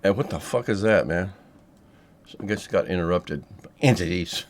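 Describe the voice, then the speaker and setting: Man, low-pitched, casual monologue, profane, rambling, filler-heavy. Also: animated, normal speed, slight background noise. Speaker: spiritual technique teacher.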